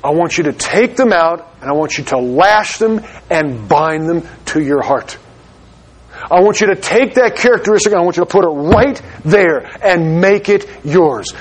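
A man preaching a sermon as pastor of his church, urgent and slowing down for emphasis. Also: high-pitched, slightly rough.

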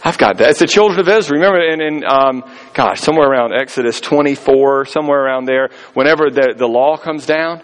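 A man's voice: mid-range voice, brisk, low-quality recording. A man preaching a sermon in a conversational storytelling way, acting out the voices of people he quotes. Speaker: pastor.

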